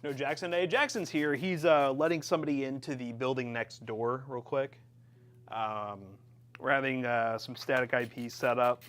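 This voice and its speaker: A man talking casually as he hosts a live build stream. He keeps up loose, offhand banter and jokes. His voice sits at an ordinary middle pitch. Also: fairly even intonation, normal speed, fairly bright tone, clean tone. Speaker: livestream host building a PC. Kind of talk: casual livestream chat while building.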